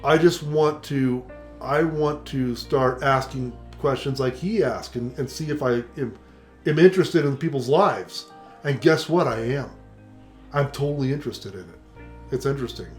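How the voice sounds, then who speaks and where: An older man talks through a casual conversation in a middle-pitched voice, acting out each person he quotes. Soft guitar music plays faintly underneath. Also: moderate pace. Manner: animated storyteller, acts out quoted voices. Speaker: co-host.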